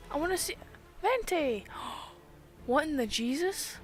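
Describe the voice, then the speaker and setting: A young woman giving casual commentary while playing a game, excitable, with loud outbursts and whispered asides. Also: sits high, unhurried, soft background music. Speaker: gaming streamer.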